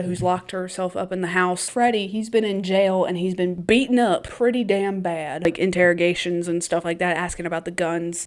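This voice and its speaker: Brief: young woman, casual recap host, mid-pitched, gossipy and sarcastic, swears, shrieks when excited.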